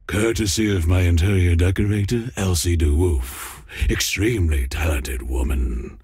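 A gravelly, smug crime boss. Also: male voice, darkish tone, dry recording, clean studio sound, heavily acted. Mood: smug menacing. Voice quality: deep gravelly voice. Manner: smug, slow and threatening. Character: scheming crime boss, older male, smug and menacing. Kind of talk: noir game voice acting.

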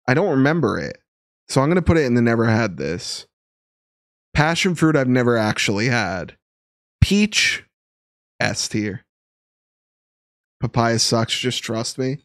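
Young male streamer, casual and animated, lively intonation, dry close-miked sound. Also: mid-range voice, no echo. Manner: chatty and laughing, animated, reading chat aloud. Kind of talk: casual live-stream chat.

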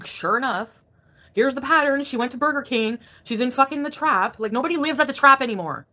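A woman livestreaming from home, venting in an angry, crabby, profane rant that jumps between grumbling and sharp loud outbursts. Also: sits high, fairly quick. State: crabby and irritated. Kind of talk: ranting live stream chat.

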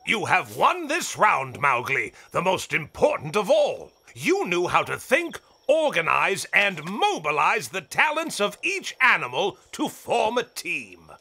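A man voicing a wise, calm male jungle elder who referees games in a cartoon dub, speaking in a patient, lecturing way. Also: high-pitched, unhurried, vocal fry, few pauses, slight background noise, full character voice. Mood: instructive.

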